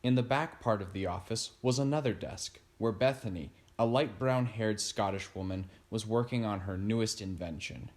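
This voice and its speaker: A man narrating a storybook chapter in a steady reading voice. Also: fairly low pitch, normal speed, hardly any pauses. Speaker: audiobook narrator.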